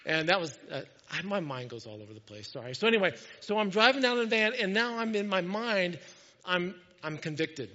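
A pastor telling a story in a sermon, animated and self-mocking, acting out what people said. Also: male voice, high voice, fairly quick, long reverb tail, lo-fi sound.

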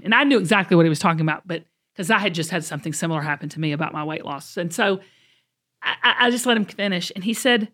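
A middle-aged woman, telling an animated story on a podcast. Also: on the low side, quick pace. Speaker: podcast co-host.

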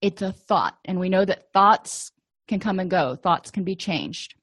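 A woman's voice: fairly low pitch, unhurried, a bit bright, dry recording, clean studio sound. A middle-aged woman therapist teaching a skills lesson in a conversational, explanatory way with casual asides. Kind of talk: lecture.

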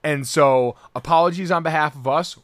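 A man co-hosting a sports podcast in casual talk, animated and sarcastic, now and then jumping to loud mock outrage. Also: a little high, moderate pace, dry recording.

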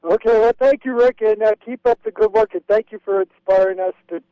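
A man's voice: high-pitched, fairly quick, no room sound. A man from Wyoming calling in to a radio show, eagerly retelling a travel story and acting out the quotes. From Wyoming, USA. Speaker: caller. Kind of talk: phone-in storytelling. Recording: tinny phone line.

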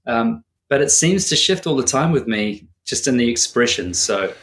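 A man, answering a podcast interview in a thoughtful, earnest way and pausing to find his words. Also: medium pitch, very animated, a bit bright, reverberant. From New Zealand. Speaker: podcast guest.

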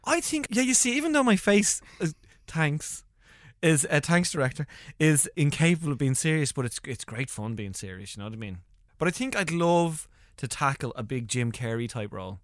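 A man's voice: a little high, moderate pace, no room sound, studio quality. An Irish man, a comedian, telling funny stories in a casual interview, laughing often and acting out the people in his stories. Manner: animated storyteller, laughs often, acts out voices. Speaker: comedian guest.

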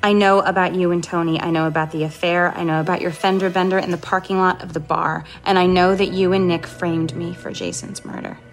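An actress playing a cold, scheming woman who confronts her sister with calm menace in a film drama. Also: fairly low pitch, brisk, hardly any pauses, faint music behind, lightly acted. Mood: coldly menacing.

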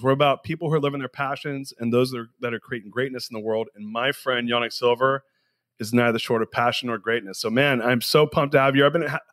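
A male podcast host with a mid-range voice who talks in an excited, slangy rush. The sound is dry and close, with no room echo. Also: medium pitch. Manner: enthusiastic, hyped, slangy. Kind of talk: casual interview chat.

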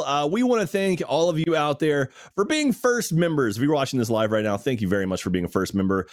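A man's voice: medium pitch, sing-song, brisk, hardly any pauses, no room sound, clean studio sound. A man hosting a podcast, talking in an earnest, casual way and thanking supporters. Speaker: podcast host. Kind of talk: casual chat.

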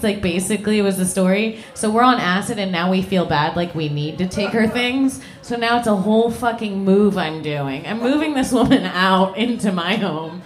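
A woman's voice: medium pitch, normal speed, few pauses. A woman and podcast host telling a wild story in casual chat, swearing and laughing. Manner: lively, profane, laughing. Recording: roomy echo.

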